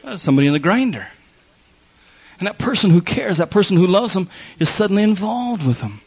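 Fairly high-voiced male preacher. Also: big pitch swings, brisk, a little mellow, breathy edge, rough recording. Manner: conversational preaching with repeated phrases and wry asides. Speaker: pastor. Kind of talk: sermon.

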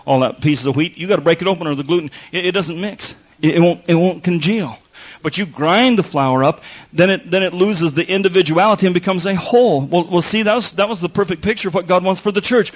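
A man's voice: fairly high pitch, low-quality recording. A man preaching a sermon in a conversational way, repeating phrases for emphasis and slipping in wry asides. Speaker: pastor.

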